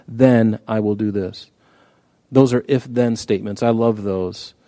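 Earnest preacher man, mellow voice. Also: medium pitch, dry recording. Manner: earnest, conversational preaching with emphatic rises. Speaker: pastor. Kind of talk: expository sermon.

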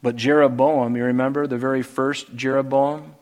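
A man preaching a verse-by-verse Bible study, reading passages aloud and explaining them with lively emphasis and quieter asides. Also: mid-range voice, moderate pace. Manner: animated, swings between loud emphasis and quiet asides. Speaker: pastor. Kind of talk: expository Bible teaching.

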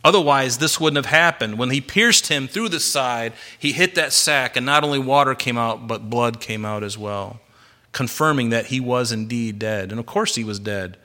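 Male pastor, bright forceful tone, preaching with slow emphatic stresses. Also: medium pitch. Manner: emphatic, varies loudness and slows for stress. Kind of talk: sermon.

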